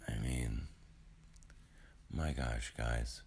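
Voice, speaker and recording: A man's voice: very deep voice, moderate pace, creaky, darkish tone. A man in his forties, just woken up, rambling to his viewers in a casual, self-deprecating vlog monologue. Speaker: YouTube creator.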